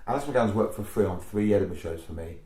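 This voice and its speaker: A man, a comedian guest, telling stories in a casual podcast interview, animated and acting out voices. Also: fairly low pitch, a little hiss or hum. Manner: animated storytelling, quick to act out voices. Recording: echoey room.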